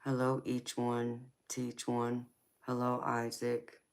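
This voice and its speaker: A slow-talking woman with a Southern accent from Georgia, hosting a live tarot stream. She chats easily with viewers, calling them honey and baby, and laughs often. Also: rumbling low, completely flat delivery, a little mellow. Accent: Southern American. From Georgia, United States.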